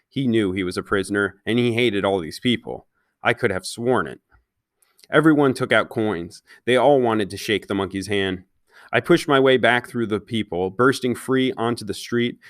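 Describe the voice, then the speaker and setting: A man's voice: on the low side, fairly bright tone, no room sound, studio quality. A man reading a children's novel aloud, stopping now and then to ask his listeners questions. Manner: pauses to question listeners directly. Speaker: read-aloud storyteller.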